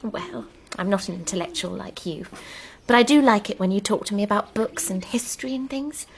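An actress playing a timid, eager young wife with a childlike manner in a radio drama. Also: female voice, medium pitch, brisk, natural voice.

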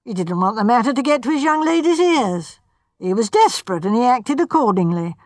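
A woman's voice: a little high, big pitch swings, fairly quick, darkish tone, dry recording, studio quality. A woman reading the part of a blunt, confident male police inspector. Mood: emphatic. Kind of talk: audiobook character voice.

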